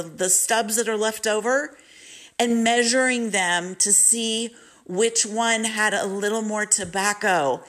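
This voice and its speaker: Slow-talking woman telling her story. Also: mid-range voice, a bit bright. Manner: candid, confiding, addresses viewers directly. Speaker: vlogger. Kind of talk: personal storytelling to camera.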